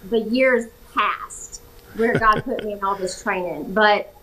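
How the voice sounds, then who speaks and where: A young woman with a Georgia Southern accent, an actress chatting as a guest in a talk-show interview, animated and quick to laugh. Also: medium pitch, background noise. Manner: animated and cheerful, laughs easily.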